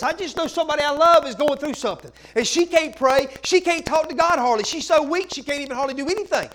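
A man with a strikingly high voice preaches a fervent sermon in his church. He leans hard on repeated phrases to hammer each point home, and a faint hiss sits beneath his words. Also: fairly bright tone, poor audio. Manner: impassioned, emphatic repetition. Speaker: pastor.

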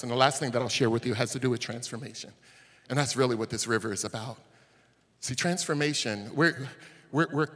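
A male pastor preaching a sermon, telling stories and rising to shouts at the peaks. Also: mid-range voice. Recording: long hall reverb.

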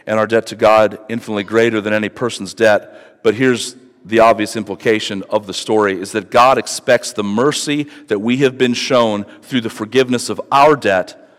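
Man preaching in an echoing hall. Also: on the low side. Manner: conversational with emphatic rising build-ups. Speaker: pastor. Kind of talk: sermon.

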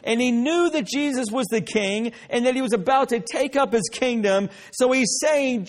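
A man's voice: very high voice, normal speed, hardly any pauses. A male pastor preaching a sermon, emphatic and direct, often breaking in with "listen" and joking asides.

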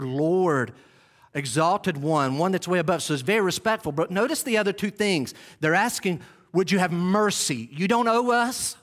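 A male pastor preaching a sermon in an animated, dramatic storytelling manner. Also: a little high.

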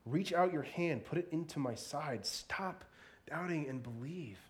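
A man giving a sermon in a conversational, animated way, with playful asides and frequent repeated words. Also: a little high, a little slow. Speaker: pastor.

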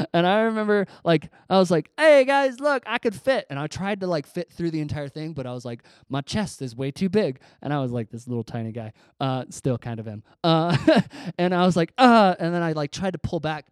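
A man's voice: medium pitch, darkish tone, no room sound, studio quality. Rambling young man preaching a story. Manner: rambling, self-deprecating, with many fillers and restarts. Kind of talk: casual storytelling sermon.

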